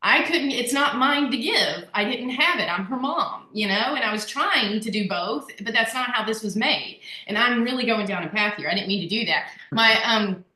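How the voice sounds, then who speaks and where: A woman co-hosting a workshop discussion, talking in an animated, rambling way and laughing often. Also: on the high side, normal speed, hardly any pauses. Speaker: workshop co-host. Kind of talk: casual group discussion. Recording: echoey room.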